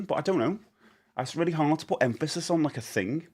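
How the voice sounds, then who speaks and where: A man's voice: a little high, animated, a little fast, breathy edge. A British man in his forties chatting on a live stream, rambling with many fillers and greeting viewers as he goes.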